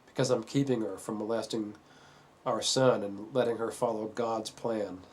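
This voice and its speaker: A man earnestly telling a painful family story in a halting way, full of fillers. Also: lowish voice, fairly even intonation, a little mellow, a little hiss or hum. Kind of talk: personal testimony.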